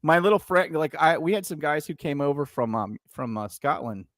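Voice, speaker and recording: A middle-aged man on a podcast, ranting with heat and plenty of swearing. His voice sits a little high for a man, and the sound is dry and close to the mic with almost no room around it. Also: lively intonation, moderate pace, dry recording. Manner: heated, profane, shouting rant. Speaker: podcast co-host, veteran. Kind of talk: casual podcast rant.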